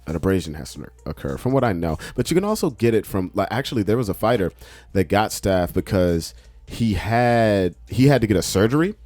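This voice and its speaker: Low-voiced man telling a profane story. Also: sing-song, fairly quick, a little mellow, dry recording. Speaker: podcast co-host. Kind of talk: casual chat.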